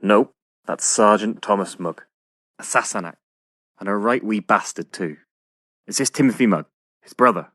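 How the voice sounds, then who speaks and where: An actor playing a sardonic Scottish outlaw with a put-on, inauthentic Scottish accent, dry and matter-of-fact. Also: male voice, on the low side, moderate pace, pauses often, fairly bright tone, no echo. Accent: attempted Scottish, not authentic. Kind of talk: comic audio drama acting.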